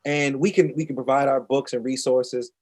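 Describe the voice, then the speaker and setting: A man hosting an interview, animated and chatty, often restarting his questions. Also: medium pitch, normal speed. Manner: animated, restarts and repeats himself. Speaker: interview host. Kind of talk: conversational interview.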